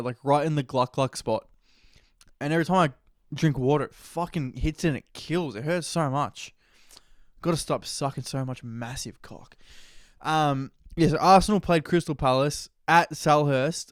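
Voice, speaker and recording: A man's voice: fairly high pitch, moderate pace, no room sound, studio quality. A man with an Australian accent hosting a solo podcast in rambling, crude, jokey casual chat. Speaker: podcast host.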